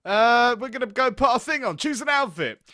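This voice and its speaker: Young guy doing a let's play, giggly and rambly, high lively voice, dry close mic. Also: fairly quick, dry recording. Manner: giggly, rambling, thinking aloud. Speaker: gaming video host. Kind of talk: let's play commentary, reading game text aloud.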